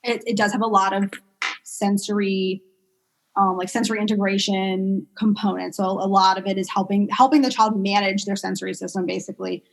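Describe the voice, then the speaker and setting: A woman working as a pediatric speech therapist, chatting casually in an interview and telling stories with lots of fillers and animated quoted voices. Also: medium pitch, brisk, vocal fry, faint music behind. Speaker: pediatric speech-language pathologist guest.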